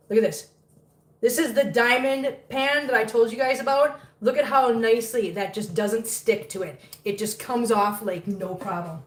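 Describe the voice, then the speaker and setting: A woman's voice: on the high side, distant mic, slight background noise. A woman vlogging as she cooks in her home kitchen, talking chattily to her viewers and cats and sounding a bit flustered. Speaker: cooking vlogger. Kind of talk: casual cooking chat to viewers. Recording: echoey kitchen, voice off-mic.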